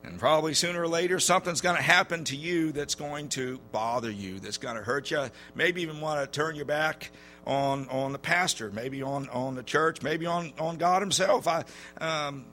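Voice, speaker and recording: A man preaching a sermon in a church, telling stories in a folksy way with many halting fillers. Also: a little high, bright, forceful tone.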